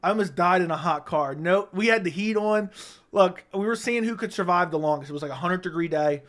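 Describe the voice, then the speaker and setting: A man's voice: sits high, fairly quick, fairly bright tone. A young man hosting a casual livestream, telling stories animatedly with frequent swearing and "right?" asides. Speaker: livestream host.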